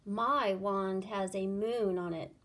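A woman's voice: medium pitch, steady tone, slow pace, a bit bright, a little hiss or hum. A woman voicing a boastful, jealous male wizard in a storybook read-aloud, bellowing his brags.

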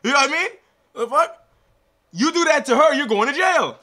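A man's voice: very high-pitched, normal speed. A man hosting a reaction video, joking and swearing in casual commentary. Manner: animated, profane, joking.

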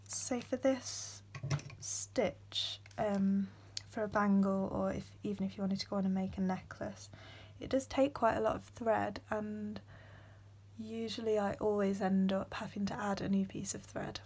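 Guiding viewers step by step through a beading project, a young woman talks in a soft voice that often slips into a whisper, saying um frequently. She keeps a medium pitch and steady tone at a measured pace, with a breathy edge.

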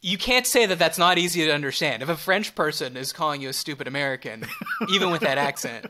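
Lively, bright-voiced man telling stories. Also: a little high, fast. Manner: animated storyteller, acts out voices, restarts often. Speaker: podcast co-host or guest. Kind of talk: casual podcast chat.

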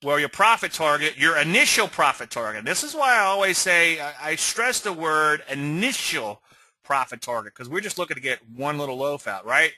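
A man's voice: on the high side, lively intonation, normal speed, sharp tone, no room sound. A man teaching swing trading on a live webinar, rambling and conversational, often checking in with "okay?". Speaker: trading educator.

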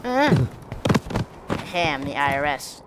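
A woman voicing a creepy, menacing tax collector in a low, mock-threatening drawl over loud game music. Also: very animated, takes it slowly, heavy background noise, exaggerated voice.

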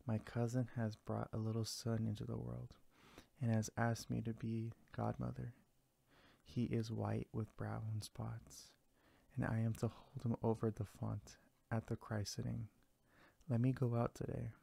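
A man voicing a greedy, sly female cat in a read-aloud fairy tale, in a cool, calm manner. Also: fairly low pitch, a little slow, creaky, husky, heavily acted. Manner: calm, cool storybook delivery.

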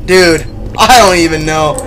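A livestreamer giving casual horror game commentary, chatty with viewers and prone to loud yelps and nervous laughter. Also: medium pitch, unhurried, noisy background. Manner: chatty, talks to chat viewers.

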